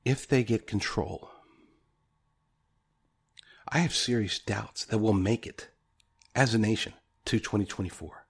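Husky lower-voiced guy ranting about politics, pushy and repetitive. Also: measured pace, pauses often. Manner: emphatic, repetitive, argumentative. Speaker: political commentator. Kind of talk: opinion monologue.

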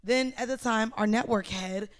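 A woman's voice: on the high side, moderate pace, no room sound. A woman hosting a podcast in casual chat, brash and profane with a playful edge. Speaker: podcast host.

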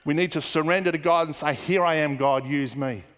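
Man, pastor, sermon, higher-pitched voice, hushed muttered asides, reverberant church hall. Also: a little fast. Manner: storytelling with hushed, muttered asides for quoted people.

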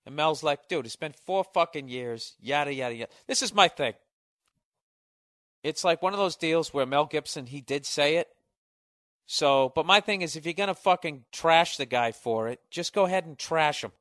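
A man's voice: a little high, moderate pace, fairly bright tone, no room sound, studio quality. A man ranting profanely and rambling as he hosts a solo comedic talk show. He keeps cutting himself off and mocks others in raised voices, and his voice sounds sore. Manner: profane, rambling, self-interrupting. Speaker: podcast host.

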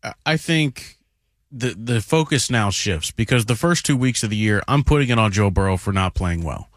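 A man co-hosting sports talk radio, laying out his case in a measured, analytical way and citing statistics. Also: lowish voice, animated, no room sound. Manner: measured, analytical, cites stats.

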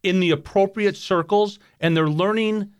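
A man's voice: high-pitched, moderate pace, clear, resonant tone. A man hosting a talk radio show, sarcastic and opinionated, often laughing as he talks. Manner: sarcastic, animated, laughs while talking.

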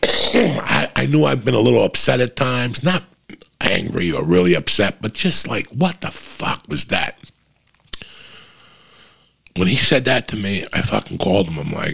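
Middle-aged man, very low and husky, casual foul-mouthed monologue. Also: expressive, a little slow, pauses often, a bit bright. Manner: profane, rambling, frequent restarts.

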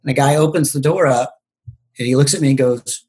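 Husky-voiced male guest, casual storyteller who stumbles through ums and restarts. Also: mid-range voice, brisk, darkish tone. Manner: hesitant, many ums and restarts. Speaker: podcast guest, bartender and local political candidate.

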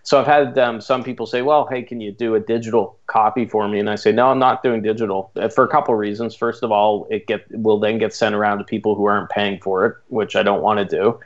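A man's voice: fairly low pitch, steady tone, fast, hardly any pauses. A Canadian man with a Canadian accent, a podcast guest chatting casually and laughing at himself. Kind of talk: casual interview chat. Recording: dull lo-fi sound.

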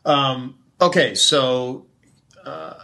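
A man hosting an interview, asking questions in a relaxed, loose and informal way. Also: mid-range voice, extremely slow. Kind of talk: casual interview chat.

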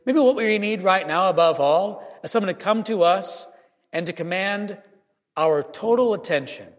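Earnest priest in a reverberant church. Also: male voice, sits high, expressive. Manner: earnest storytelling, measured pauses. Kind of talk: Christmas homily.

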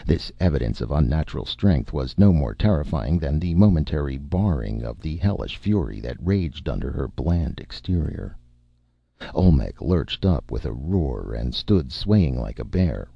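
A man reading a pulp adventure story aloud as a narrator, with a dramatic, expressive delivery. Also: rumbling low, measured pace, gravelly, husky, no room sound. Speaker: audiobook narrator. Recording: dull, dry audiobook recording.

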